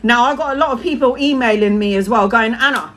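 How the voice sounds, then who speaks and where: A woman in her forties talks straight to her viewers in a loose, unscripted live-stream monologue. Her voice sits a little high. She is emphatic, says things twice for weight, and swears casually. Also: fast, a bit bright. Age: 40s. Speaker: tarot reader.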